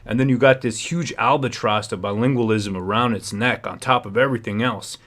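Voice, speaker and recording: Male streamer host, agitated rambling commentary, average pitch. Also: fairly quick, fairly bright tone. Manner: agitated, rambling, frequent restarts. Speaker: livestream host. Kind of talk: ranting livestream commentary.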